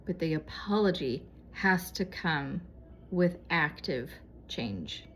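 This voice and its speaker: Brief: woman vlogger, lower-pitched voice, earnest conversational advice to viewers. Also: lively intonation, takes it slowly, fairly bright tone, slight background noise. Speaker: vlogger giving moral advice. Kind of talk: casual heartfelt exhortation to viewers.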